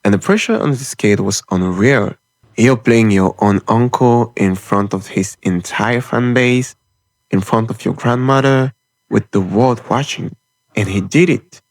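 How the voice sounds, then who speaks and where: A man's voice: on the low side, measured pace, dry recording. A man delivering an impassioned, opinionated film commentary monologue in short, punchy phrases.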